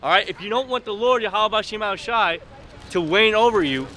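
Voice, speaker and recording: High, bright-voiced male street preacher. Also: animated, normal speed, slight background noise. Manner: rough street vernacular, emphatic and blunt.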